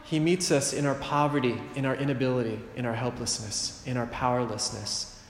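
A middle-aged man delivers a sermon in a relaxed, conversational way, slipping in joking asides and quick rhetorical checks on his listeners. His voice sits at an ordinary male pitch. It rings out with a long, roomy reverb like a large church. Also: a little hiss or hum. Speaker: preacher.

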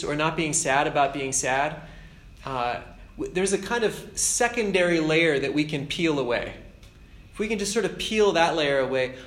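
A man's voice: on the high side, fairly bright tone. A man giving an informal, earnest spiritual talk as a preacher, conversational and self-deprecating. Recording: roomy echo with faint ambience.

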